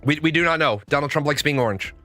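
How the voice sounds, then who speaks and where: Bright-voiced man telling rambling stories. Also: fairly high pitch, quick pace, no room sound, soft background music. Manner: rambling anecdotal storytelling with swearing. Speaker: live streamer. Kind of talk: casual livestream chat.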